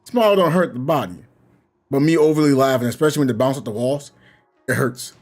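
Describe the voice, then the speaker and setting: A man's voice: medium pitch, brisk, darkish tone, faint music behind. A young man chatting casually to his viewers while gaming, laughing constantly and rambling between bursts of giggles. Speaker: gaming streamer.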